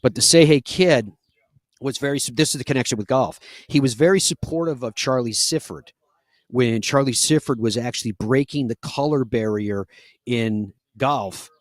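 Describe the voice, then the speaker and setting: A man's voice: medium pitch, moderate pace, no room sound. A man hosting a live golf talk show, telling stories in an earnest, conversational way with frequent fillers.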